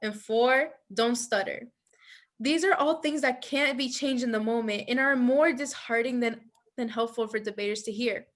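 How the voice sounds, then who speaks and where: A woman's voice: on the high side, normal speed. A woman giving an instructional presentation, reading slides aloud and explaining them to trainee judges.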